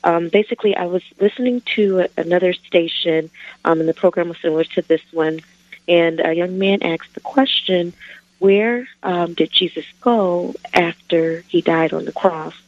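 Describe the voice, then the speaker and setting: A woman calling in to a radio show, asking a Bible question hesitantly with many pauses. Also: on the low side, dry recording. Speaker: caller. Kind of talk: call-in question. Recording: dull phone line.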